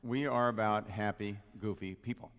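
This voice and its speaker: A man's voice: on the low side, fairly even intonation, normal speed, a bit bright, clear, resonant tone. A man giving a humorous, playful sermon to a live congregation, speaking into a microphone and drawing the audience in. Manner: playful, jokey, engages the audience. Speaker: spiritual practitioner giving a talk. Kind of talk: humorous Father's Day sermon. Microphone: handheld or stand microphone. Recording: long reverb of a hall.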